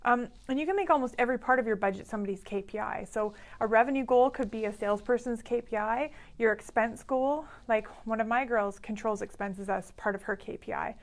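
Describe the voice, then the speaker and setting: Upbeat woman business coach, fairly high voice. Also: a little fast, few pauses. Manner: upbeat, laughs easily, direct advice. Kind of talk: casual talk to camera. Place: live video stream.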